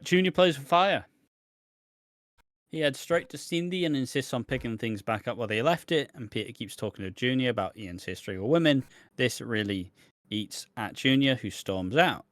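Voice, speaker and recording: A man talks through soap opera plot points at a casual pace, swearing freely and slipping into mocking impressions. His voice sits at a middle pitch. It is recorded close and dry, with no room sound. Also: fairly bright tone, dry recording. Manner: sweary, chatty, acts out quotes in mocking voices. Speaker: podcast co-host.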